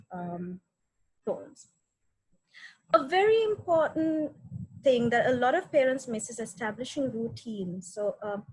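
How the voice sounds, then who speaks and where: A woman's voice: high-pitched, darkish tone, husky, low-quality recording. A woman giving a practical parenting webinar talk, offering example phrases and often checking in with "right?".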